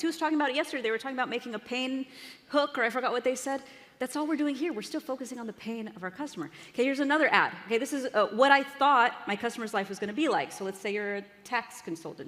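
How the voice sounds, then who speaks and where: Her voice a little high and a bit bright, this conference speaker talks in rapid-fire fashion. The live marketing presentation is upbeat and chatty, aimed at the audience and captured in a reverberant hall.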